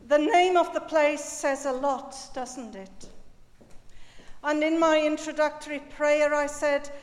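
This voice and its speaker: A woman preaching a sermon in a slow, measured, reflective way, lingering on key words. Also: sits high. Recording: reverberant church hall.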